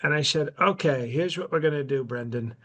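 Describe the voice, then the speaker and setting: A man playing a brash, boastful elderly president on a comedy podcast, rambling deadpan with constant self-interruptions. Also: fairly high pitch, brisk. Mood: smug. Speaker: podcast host in character.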